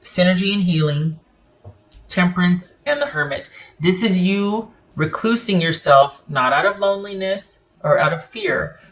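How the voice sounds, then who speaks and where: A woman's voice: on the low side, a little slow. A woman giving a casual tarot reading to camera, emphatic and opinionated as she speaks straight to the viewer. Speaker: tarot reader.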